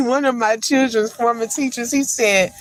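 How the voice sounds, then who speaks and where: A woman's voice: fairly high pitch, steady tone, normal speed, poor audio. A woman hosting a casual livestream from a parked car, chatting, laughing often and turning to preacher-like encouragement. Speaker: livestream host. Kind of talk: casual live chat with encouragement.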